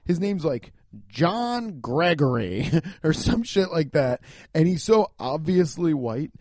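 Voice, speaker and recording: Speaking slowly in a slightly high voice, this podcast host rants for laughs, cursing frequently and chuckling along the way. The audio is dry and studio-clean.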